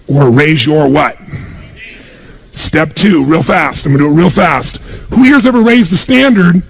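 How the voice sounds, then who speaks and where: A man delivering a motivational seminar in a gravelly, raspy voice that sits a little high for a man. He speaks with emphatic punch. He keeps throwing quick questions at the crowd for them to answer. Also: soft background music. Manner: emphatic, punchy, quizzes the audience with call-and-response questions. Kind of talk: live motivational seminar speech.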